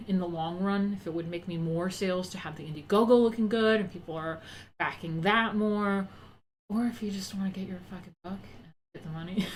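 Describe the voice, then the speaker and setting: A woman's voice: medium pitch, a little hiss or hum. A young woman who is out of breath from pregnancy, hosting a casual livestream chat, rambling and reading viewer comments aloud. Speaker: livestream host.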